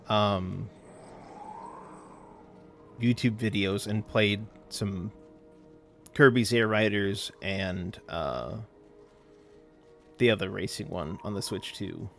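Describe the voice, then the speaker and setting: Soft background music plays as a man with a fairly low voice streams a game, speaking slowly and pausing often. He's easygoing and rambling, responding to viewers' chat in between calling out what happens in the game.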